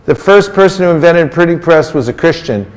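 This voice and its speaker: A man teaching a group in a playful sermon, his voice sitting a bit higher than most men's. He keeps coaxing the listeners to answer him back, teasing them when they are slow. A long reverb trails every phrase from a big hall. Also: lively intonation. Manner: coaxing the audience into call-and-response answers. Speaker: religious teacher.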